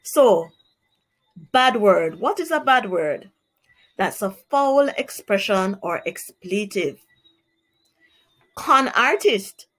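A woman teacher with a Jamaican accent reads a children's story aloud and then walks through new words for young pupils. She speaks slowly and clearly in an explanatory tone, at a middle pitch. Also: lively intonation, fairly bright tone. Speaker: primary school teacher. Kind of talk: children's read-aloud and vocabulary lesson.

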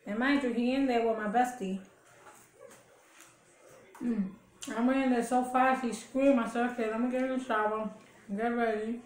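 Casting: woman mukbang vlogger, slightly high voice, chatty storyteller, recorded in a reverberant room. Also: steady tone, moderate pace, long pauses. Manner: chatty storytelling with laughs and chewing sounds. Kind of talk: casual chat while eating. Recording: echoey room.

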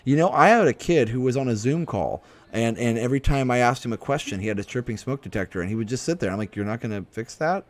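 A man's voice: mid-range voice, expressive, quick pace, hardly any pauses. A young man hosting a casual live stream chat, telling stories in a rambling way with lots of fillers and restarts. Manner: rambling, self-interrupting storyteller with frequent fillers. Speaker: livestream host.

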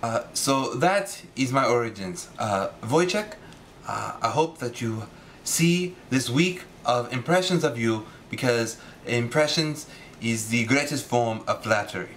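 Man doing a mock-Polish deadpan young guy. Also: very deep voice, brisk, creaky, few pauses, a little hiss or hum, pitched below the performer's own voice, full character voice. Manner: deadpan, hesitant, repeats a dismissive catchphrase. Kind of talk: comedic impression vlog.

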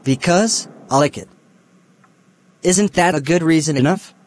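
A man reading a scripted animated story in an even, plain way, voicing all the characters. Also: on the high side, measured pace. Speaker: narrator.

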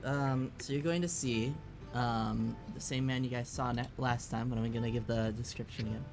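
A young man running a tabletop game as dungeon master, narrating haltingly with many pauses and ums. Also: mid-range voice, fairly even intonation, over music.

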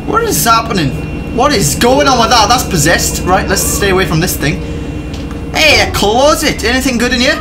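A man commentating a let's play of a horror game, jumpy and excitable, swearing and yelping at scares. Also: high-pitched, moderate pace, background noise. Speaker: gaming YouTuber.

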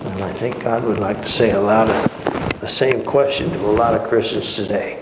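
A man teaching a Bible study, telling the stories with lively acted-out dialogue. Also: lowish voice, normal speed. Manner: animated storytelling, acting out dialogue in voices. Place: church hall. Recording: echoey room with background noise.

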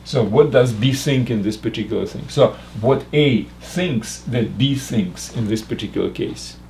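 An older man teaching math, working slowly through a logic puzzle aloud with frequent restarts. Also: mid-range voice, gravelly, mellow, slight background noise. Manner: halting, restarts and fillers while reasoning aloud. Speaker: math lecturer.

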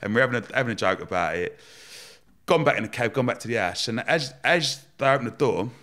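A young man telling a story in a casual interview, animated and swearing, acting out the people he quotes. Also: mid-range voice, fast talker. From Romford, England. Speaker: guest entrepreneur.

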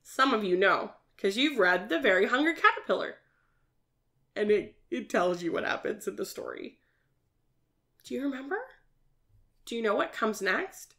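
A woman's voice: fairly high pitch, expressive, moderate pace, pauses often, bright, forceful tone. A woman teaching a virtual preschool science lesson, asking young children lots of questions and praising their answers in a sing-song teacher manner.

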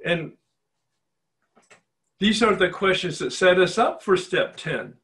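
A man's voice: high-pitched, expressive, slow, a bit bright. An older man facilitating a spiritual recovery retreat, telling his own story in a personal, confessional way and posing emphatic rhetorical questions.

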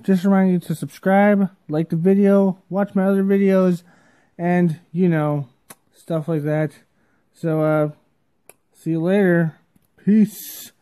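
A man's voice: sits high, dark tone, no room sound. A man chatting casually as a YouTube reviewer, rambling with lots of fillers and little laughs, sounding sleepy. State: sleepy, yawning.

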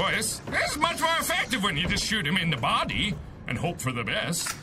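A young man joking his way through a horror game, his voice high and swinging wildly up and down as he exclaims and teases. Loud game music runs right under his talk. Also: huge pitch swings, normal speed. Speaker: host. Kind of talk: let's-play commentary.

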